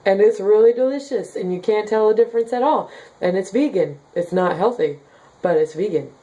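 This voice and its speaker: A woman's voice: medium pitch, brisk, mellow, muffled recording. A young woman from Kansas with a slight Southern accent, chatting casually as she reads viewer comments, full of "like" and "um" fillers. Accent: slight Southern with Midwestern base. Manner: chatty, many "like" and "um" fillers, giggly. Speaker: vlogger reading viewer comments. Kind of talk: casual chat.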